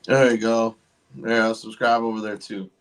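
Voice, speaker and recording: A man's voice: fairly low pitch, little pitch movement, moderate pace, clear, resonant tone. A man hosting a livestream, giving blunt, profane, casual commentary as he reacts. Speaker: livestream host.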